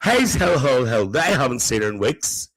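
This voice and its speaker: A man's voice: medium pitch, sing-song, normal speed, fairly bright tone, slightly rough, exaggerated voice, rough recording. A man playing a gossipy, cheeky older auntie who hosts a live comedy stream, chatting and teasing the viewers and laughing between lines.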